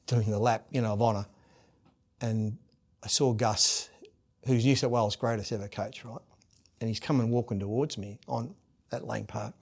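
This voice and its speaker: Animated Australian man spinning yarns. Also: medium pitch. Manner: lively anecdotes, acts out quoted voices loudly. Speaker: guest, former rugby league captain and coach. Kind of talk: animated storytelling in a podcast interview.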